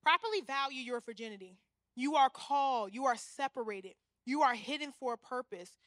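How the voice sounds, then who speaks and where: A young woman preaching a sermon, animated, often acting out the voices she quotes. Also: sits high, normal speed, dry recording, clean studio sound. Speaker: guest speaker.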